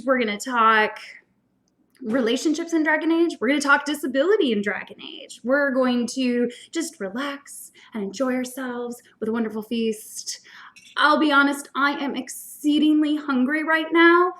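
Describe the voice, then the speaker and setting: A woman with a high voice hosts a casual livestream eating show. She chats in a bubbly, enthusiastic way. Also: normal speed, a bit bright. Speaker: host.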